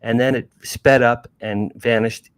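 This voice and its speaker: A man's voice: medium pitch, steady tone, measured pace, clean tone. A man in his sixties from New Jersey, an author guest telling a story animatedly, often restarting and repeating words. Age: 60s. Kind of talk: casual storytelling.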